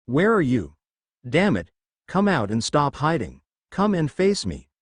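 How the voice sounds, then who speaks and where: A man voicing a cocky, hot-headed young male hero student who yells and taunts smugly, for a storybook reading. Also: a little high, huge pitch swings, measured pace, no echo, clean studio sound, voice pushed up, exaggerated voice. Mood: furious. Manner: yelling, smug taunts.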